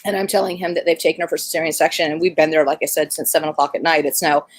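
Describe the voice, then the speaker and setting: A woman who works as a midwife and doula tells a birth story in an animated, conversational way, with plenty of fillers. Her voice sits at a middle pitch. The recording is dry and close. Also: very fast, no echo.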